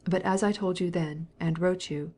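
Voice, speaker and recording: A proud, stiff husband speaks in cold, clipped, formal sentences. His voice is low and mellow, level and controlled as a woman reader puts him on. It suits a storybook read aloud. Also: steady tone, normal speed, slightly rough.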